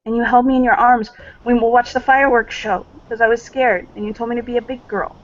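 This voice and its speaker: A woman voicing a sweet, tearful grown daughter who talks in a bright, childlike, breathless way. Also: on the high side, steady tone, fast, voice pushed up, natural voice. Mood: tender. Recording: dull lo-fi recording.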